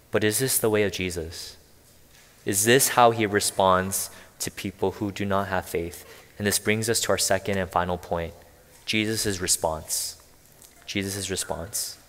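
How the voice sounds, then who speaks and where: A man with a fairly low voice preaches earnestly, pressing his listeners with rhetorical questions. His voice carries a long reverb, as in a church hall. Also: fairly bright tone. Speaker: pastor. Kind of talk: sermon.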